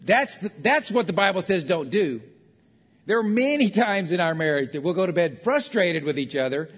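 Male pastor, high pitch, chatty sermon delivery with quoted asides, big reverberant room. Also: expressive, normal speed, breathy edge. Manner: conversational preaching with acted-out quotes. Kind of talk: sermon on marriage. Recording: long reverb of a large hall.

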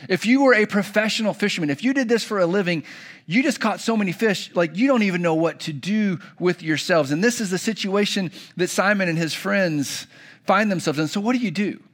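A man's voice: high-pitched, fairly quick, fairly bright tone. A young adult man preaching a sermon to kids, telling a story and acting out the characters' lines. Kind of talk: children's sermon.

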